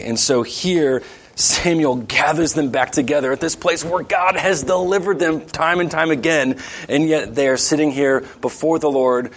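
Guy pastor preaching in church, earnest and emphatic, medium voice. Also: mid-range voice. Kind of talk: sermon. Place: church sanctuary with congregation.

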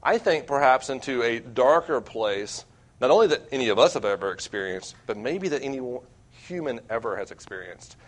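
A man's voice: mid-range voice, animated, normal speed. Earnest young male campus preacher. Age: young adult. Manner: earnest, self-deprecating, wide swings in loudness. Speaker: campus minister. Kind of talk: sermon.

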